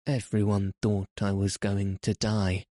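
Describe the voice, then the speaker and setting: Man doing proud imperious boy, commanding, storybook, fairly low voice. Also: little pitch movement, unhurried, warm tone, no echo, clean studio sound, close to an everyday voice. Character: proud, imperious sickly boy, young master.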